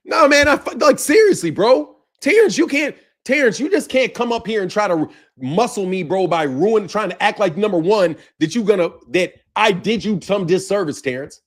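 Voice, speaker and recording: Heated, high-voiced man ranting. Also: expressive, normal speed. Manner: heated, confrontational, profane, repeats himself. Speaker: boxing channel host. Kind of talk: ranting commentary to camera.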